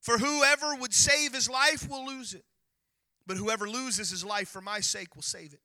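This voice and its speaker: A male pastor preaching a sermon, emphatic and rising to near-shouts as he retells scripture. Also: extremely high pitch, fairly even intonation, moderate pace, no echo.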